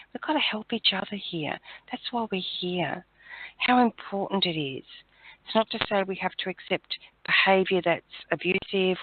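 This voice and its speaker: Guest, woman, low-pitched, reflective and encouraging, dry close sound over a phone-like line. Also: no room sound. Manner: warm-hearted, reflective, encouraging. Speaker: guest on a spiritual talk show. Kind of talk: casual spiritual chat.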